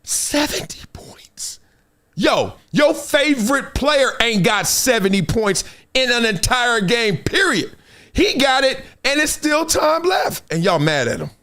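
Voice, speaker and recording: A middle-aged man hosting a live sports show, speaking up high and swinging his pitch wildly from line to line. He is emphatic and addresses his viewers directly, slipping into quick impressions of the people he talks about. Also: sing-song, bright, forceful tone. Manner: emphatic, talks straight to viewers, acts out other people's lines. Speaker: host. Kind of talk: animated live sports commentary.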